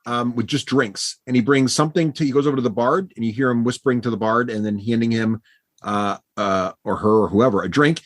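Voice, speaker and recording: A man narrating a tabletop game as game master, relaxed and hesitant, with lots of fillers. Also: medium pitch, a little fast, no room sound, clean studio sound.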